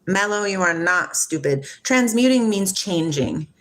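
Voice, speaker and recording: With a mid-range, animated, slightly bright voice, a woman in her forties from Washington state, USA, takes her time musing about spirituality. She responds to a livestream chat in a casual, reflective way and laughs frequently.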